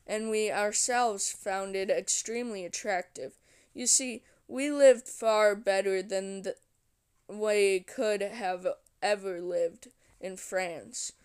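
A woman reading aloud and voicing a calm, brooding male vampire who tells his story in a measured, unhurried way. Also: medium pitch, clean tone, natural voice.

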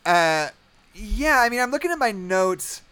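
A woman's voice: mid-range voice, big pitch swings, a little slow, a bit bright, smooth. A woman in casual conversation about a movie, chatty and full of fillers, laughing easily. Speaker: podcast co-host. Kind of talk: casual movie review chat.

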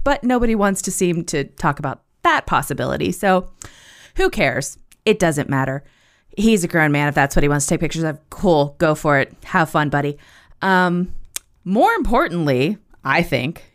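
A woman hosting a casual monologue, telling a story in an animated, profane way and laughing as she goes. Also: on the low side.

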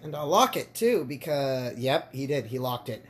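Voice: mid-range voice, sing-song, normal speed, breathy edge. A podcast host giving a casual, exclamation-filled reaction commentary, laughing and repeating phrases. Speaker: podcast host reacting to a short horror film.

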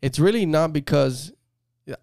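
A man with a crisp, resonant voice hosts a casual podcast chat, responding in a friendly, affirming way and using casual slang. The recording is dry and close-miked. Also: a little high, moderate pace, a little mellow, no echo. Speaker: podcast host.

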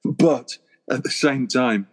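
A man's voice: mid-range voice, slow pace. A man co-hosting a podcast, chatting casually and laughing his way through a funny story. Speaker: podcast co-host. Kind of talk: casual chat.

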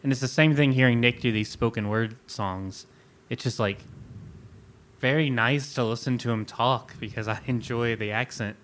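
A man co-hosting a podcast, chatting in a relaxed, easygoing way about music and accents. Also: medium pitch, normal speed, slight background noise. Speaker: podcast co-host. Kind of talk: casual music chat.

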